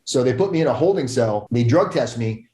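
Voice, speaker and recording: Speaking briskly in a warm, mid-range voice with lively intonation, a young adult man recounts a story as a podcast guest. He's casual and profane, frequently imitating the voices of others, and the room gives the audio an echo.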